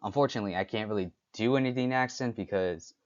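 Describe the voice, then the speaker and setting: A young man hosting a solo talk, speaking haltingly with frequent restarts and fillers. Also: lowish voice, highs cut off. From United States. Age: young adult. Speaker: podcast host. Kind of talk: unscripted solo talk on stereotypes.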